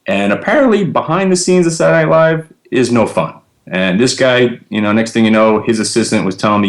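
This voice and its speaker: Deep-voiced New guy in his forties, lively storyteller. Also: brisk. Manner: animated, laughing storyteller with many fillers. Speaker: guest, trader and comedian. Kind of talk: casual storytelling interview.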